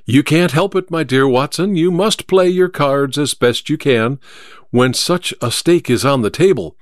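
A man reading an audiobook, voicing a cool, confident male detective who speaks in a crisp, amused, measured way. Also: on the high side, no echo, studio quality, close to an everyday voice. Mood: resolute.

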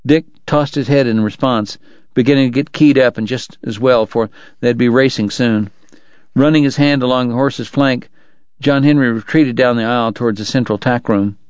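A man narrating a novel aloud for a radio book program, in a measured, dramatic delivery. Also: mid-range voice, darkish tone, smooth, dry recording, muffled recording. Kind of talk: audiobook narration.

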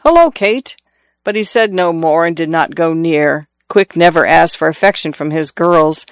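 A man reading a novel aloud in a measured storytelling manner, lifting his voice for characters' calls. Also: fairly even intonation, smooth, dry recording, studio quality. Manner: measured storytelling, lifts pitch for quoted calls. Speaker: audiobook narrator. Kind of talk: scripted narration.

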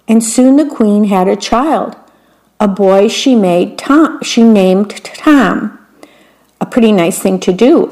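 A woman reading a fairytale aloud as storyteller, with gentle, wry asides. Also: mid-range voice.

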